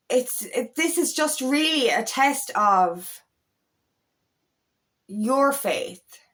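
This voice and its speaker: A woman's voice: on the high side, a bit bright. A young woman coaching on spiritual growth in a casual, rambling way, tired and emotional, with many restarts and repeated words. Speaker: feminine empowerment coach. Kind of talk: casual spiritual talk to camera.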